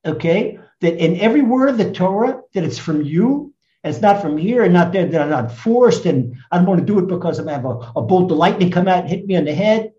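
Older american-born rabbi, emphatic storytelling, voice jumps all over, roomy dull recording. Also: male voice, sits high, animated, a little fast. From United States. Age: 70s. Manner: emphatic, swings from loud to hushed. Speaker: rabbi and guest speaker. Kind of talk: animated storytelling in conversation.

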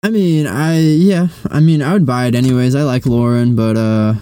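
A man's voice: medium pitch, normal speed, warm tone, smooth. A young man co-hosting a podcast in casual chat, rambling, restarting sentences and swearing freely. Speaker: podcast co-host.

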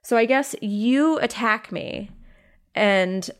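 High-ish woman, giggly and excited, playing a tabletop game. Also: slow. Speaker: player.

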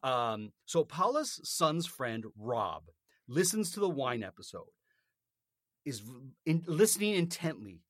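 A man's voice: mid-range voice, very animated, a little slow, no room sound, studio quality. A man co-hosting a podcast, telling a story in a casual, indignant rant and swearing freely. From North America. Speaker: podcast co-host. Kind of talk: casual chat, ranting story.

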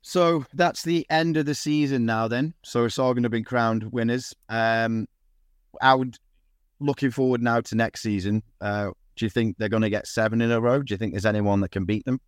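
A man's voice: medium pitch, fairly even intonation, normal speed, smooth, no echo, clean studio sound. A man hosting a casual sports podcast, rambling with lots of restarts and the odd swear word. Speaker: podcast host. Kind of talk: casual chat.

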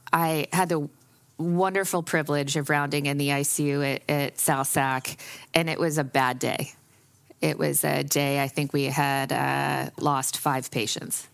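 Low-voiced woman podcast host telling a story. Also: creaky, no echo. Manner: warm storytelling with many fillers and restarts. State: emotional. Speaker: podcast host being interviewed. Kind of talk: conversational interview, storytelling.

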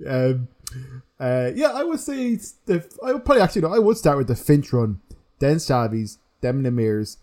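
Bloke on a podcast, mellow warm voice, jokey and rambling. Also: male voice, mid-range voice, big pitch swings, moderate pace. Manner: chatty, jokey, trails off and restarts. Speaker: podcast co-host. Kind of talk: casual chat.

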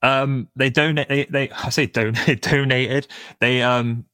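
A young man, co-hosting a casual football podcast in a relaxed, halting way. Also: medium pitch, no echo. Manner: relaxed, hesitant with fillers, laughs while telling stories. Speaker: podcast co-host.

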